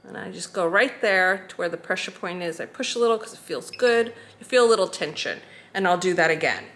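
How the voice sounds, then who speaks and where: Woman walking thru a skin treatment step by step, bright clear voice, calm and chatty. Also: fairly low pitch, a little fast. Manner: calm, talks through each step as she does it. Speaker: skincare instructor. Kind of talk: casual step-by-step demonstration.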